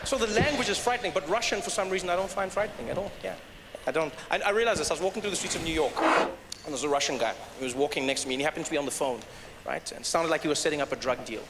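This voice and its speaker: A man performing stand-up comedy, telling stories in an animated way and slipping into accent impressions. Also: a little high, very fast, hardly any pauses, very noisy. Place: live comedy stage. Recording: reverberant live venue with crowd ambience.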